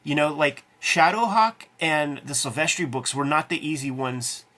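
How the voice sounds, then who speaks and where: A slightly high-pitched man with a bright, forceful tone. He co-hosts a loose comics chat and swears freely as he talks. He slips into gruff tough-guy voices to act out movie scenes. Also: normal speed. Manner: profane, acts out movie lines with put-on tough-guy voices. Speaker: cartoonist co-host. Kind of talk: casual chat about comics.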